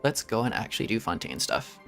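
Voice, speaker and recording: A male VTuber chats his way through a game with a playful, chaotic streak and lots of giggling. His mid-pitched voice swoops animatedly up and down, with game music running underneath. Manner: playful, chaotic, laughs often, joking asides. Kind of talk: casual gaming commentary.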